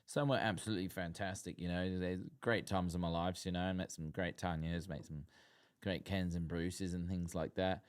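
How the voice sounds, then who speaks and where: Relaxed man telling housemate stories. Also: low voice, moderate pace, clean tone. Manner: rambling anecdotes with fillers and laughs. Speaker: guest. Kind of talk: casual storytelling in a podcast chat.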